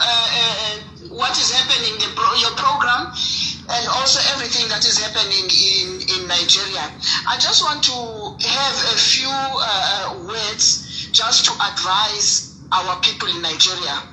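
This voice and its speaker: A woman's voice: fairly high pitch, measured pace, bright, forceful tone, roomy sound, a little hiss or hum, rough recording. Urgent South African woman caller. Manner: urgent, with hesitations. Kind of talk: impassioned phone-in call.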